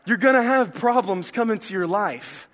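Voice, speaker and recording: A young man with a drawl preaches to his congregation with a fairly high voice. He talks conversationally, tossing in jokes and questions to the room. His words carry a long, ringing reverb from the church hall. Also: lively intonation, moderate pace, fairly bright tone. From American South. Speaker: pastor. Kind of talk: sermon. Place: church sanctuary.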